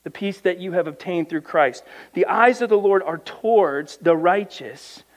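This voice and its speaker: A man preaching a sermon, reading scripture aloud and breaking in with emphatic commentary, swinging from quiet asides to loud, drawn-out emphasis. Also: high voice. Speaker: pastor.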